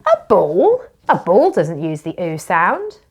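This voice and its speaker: A British woman teaching children phonics, with a slow, sing-song and encouraging manner. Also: fairly low pitch, wildly swooping pitch, slightly rough.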